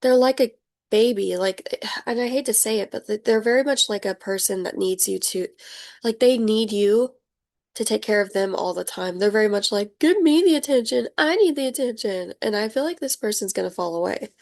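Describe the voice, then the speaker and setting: A young woman giving a casual tarot reading, chatty and animated, laughing often and acting out the people she describes. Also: medium pitch, moderate pace. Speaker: tarot reader.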